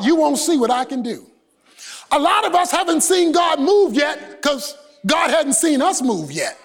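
High-voiced man preaching in a hall. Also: sing-song, a little slow, gravelly. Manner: emphatic call-and-response preaching, swings between loud and hushed. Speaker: pastor. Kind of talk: sermon.

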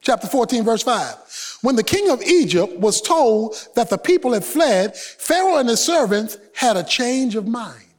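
A man preaching a sermon as pastor, emphatic and animated, swinging between loud bursts and hushed asides. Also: very high-pitched, normal speed, big-room sound.

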